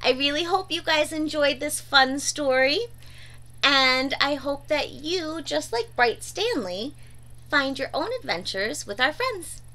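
A woman reading a children's story aloud in an expressive storybook manner. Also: high voice, unhurried.

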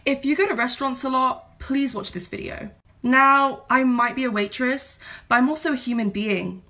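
A woman's voice: sits high, normal speed, pushed and bright, soft background music. A woman, a waitress, telling a comic story about work in an exasperated, sarcastic way.

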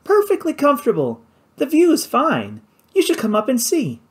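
A man's voice: extremely high pitch, huge pitch swings, normal speed, slightly rough, voice pushed up, heavily acted. A man voicing a poised, adventurous young woman with an airy sing-song manner in an audiobook. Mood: breezy. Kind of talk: audiobook character voice.

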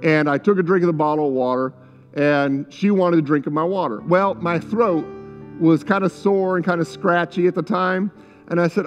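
A man's voice: fairly high pitch, steady tone, moderate pace, faint music behind. A middle-aged male pastor preaching a sermon in a church, fervent and repetitive, breaking into spoken prayers. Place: church sanctuary. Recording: muffled sound with long hall reverb.

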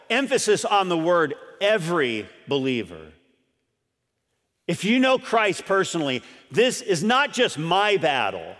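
A high, animated preaching man in a reverberant church. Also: unhurried. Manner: earnest preaching with emphatic repeats and questions to the congregation. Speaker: pastor. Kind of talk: sermon. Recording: long reverb of a church hall.

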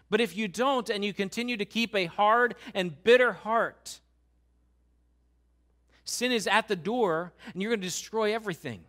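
A man preaching a sermon as pastor, talking in a conversational, animated way with quick asides and repeated restarts. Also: sits high. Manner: acts out what God and others say.

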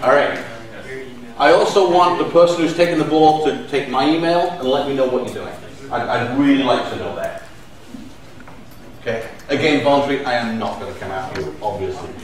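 A man's voice: mid-range voice, a little fast. A man in his fifties giving a live conference presentation, chatty and joking with the audience in a large hall. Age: 50s. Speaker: conference speaker. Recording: echoey hall, mic at a distance.

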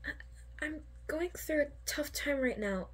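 A woman's voice: sits high, expressive, measured pace, voice pushed up. A woman reading a fan story aloud, voicing a shy, fragile teenage girl who speaks in a shaky, hesitant way. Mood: nervous.

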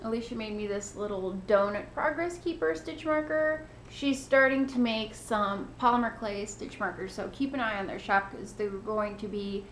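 A woman's voice: mid-range voice, moderate pace, few pauses, echoey room, slight background noise. A woman hosting a knitting podcast, chatting casually and gushing with thanks. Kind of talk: casual chat to camera.

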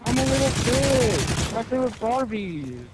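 A man putting on a mocking, whining voice of a bratty boy crying to his mother, over loud game gunfire. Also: very high voice, big pitch swings, noisy background, full character voice. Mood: mocking whine. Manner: mocking, whining, drawn-out sneer. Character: whiny bratty boy gamer crying to mommy.

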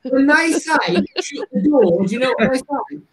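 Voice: sits high, lively intonation, normal speed. A speaker with a West Midlands accent telling stories in loose, casual chat and sometimes slipping into playful put-on voices. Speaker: livestream co-host.

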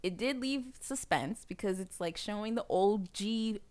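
A woman's voice: measured pace, darkish tone. Chatty woman podcast host. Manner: chatty, laughs often, jumps high when quoting. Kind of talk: casual chat reacting to a movie trailer.

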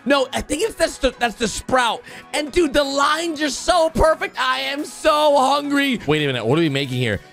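A man giving excited reaction commentary as a video host, full of exclamations. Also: extremely high pitch, vocal fry, soft background music. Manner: excitable, exclaiming, quick gasps and laughs. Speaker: YouTube host.

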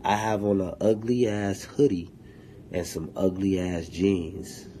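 Brief: low, mellow-voiced man, unhurried, cursing and taunting his critics on a phone livestream. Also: flat delivery, a little hiss or hum. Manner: profane, taunting, confrontational. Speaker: rapper streaming live to fans. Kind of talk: livestream rant.

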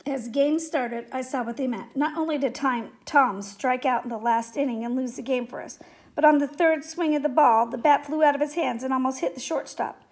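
High-voiced woman reading a children's story. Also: moderate pace. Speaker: story reader.

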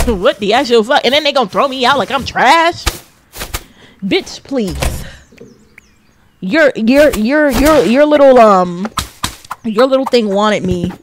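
A woman streamer giving loud, profane, laughing commentary as she plays a video game. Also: fairly high pitch, lively intonation, takes it slowly, long pauses, slight background noise. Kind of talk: casual gameplay commentary. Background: game music.

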